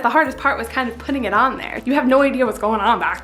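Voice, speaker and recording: A woman fitness vlogger chats casually as she strains through an exercise she's demonstrating. Her voice is fairly high and she talks fast with few pauses, recorded in an echoey room with music playing behind her.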